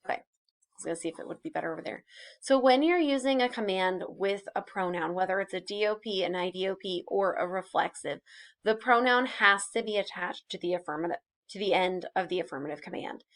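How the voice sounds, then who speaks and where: A woman's voice: mid-range voice, brisk, fairly bright tone. Casual woman teaching a language lesson. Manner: casual, explanatory, with many fillers. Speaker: Spanish teacher. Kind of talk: recorded classroom lesson.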